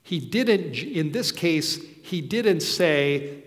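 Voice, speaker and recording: Male preacher, slow deliberate sermon delivery, slightly high voice, long hall echo. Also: animated. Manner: slow, earnest storytelling with soft asides.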